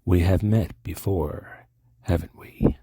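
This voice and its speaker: An eerie, menacing older mystery man, as a man puts him on, speaking slowly and softly, almost in a whisper. The voice is low and husky, with a dark, mellow tone. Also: steady tone, no room sound, studio quality, exaggerated voice. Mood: menacing, hushed. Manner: slow, hushed, drawn-out delivery.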